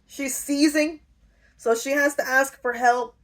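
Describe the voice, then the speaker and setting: A woman casually retelling a novel, slangy and joking, briefly acting out the characters' lines in quick voices. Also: high-pitched, fairly even intonation, fairly bright tone. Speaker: book retelling video host. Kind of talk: casual comedic story retelling.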